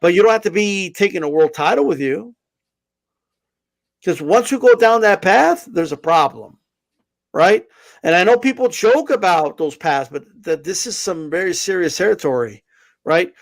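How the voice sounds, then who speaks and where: A man's voice: sits high, animated, moderate pace. A man co-hosting a boxing podcast, ranting in a heated, profane way with lots of restarts. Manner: fired up, profane, many restarts. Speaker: podcast co-host. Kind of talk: heated casual boxing talk.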